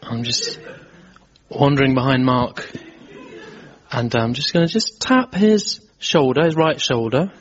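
A man as a comedy show sidekick, bantering in a deadpan way and describing his own antics. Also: medium pitch, a little slow, long pauses. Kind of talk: playful banter. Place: stage with a live audience. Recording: muffled live audience recording.

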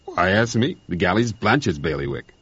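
A man voicing a mild, baffled radio officer, calm and puzzled, on a dull, dry lo-fi recording. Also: sits low, normal speed, breathy edge, no room sound, full character voice.

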